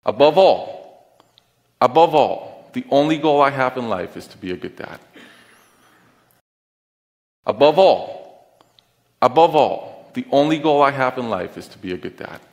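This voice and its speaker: Middle-aged man, mid-pitched voice, earnest heartfelt talk on stage, long auditorium reverb. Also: darkish tone, dull audio. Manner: deliberate, earnest, heartfelt delivery with pauses. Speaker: conference speaker. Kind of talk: personal storytelling talk on stage.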